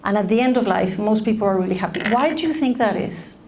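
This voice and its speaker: A middle-aged woman giving a lively talk to college students, often putting questions to the audience. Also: mid-range voice, quick pace, slight background noise. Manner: animated, asks the audience questions. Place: lecture room.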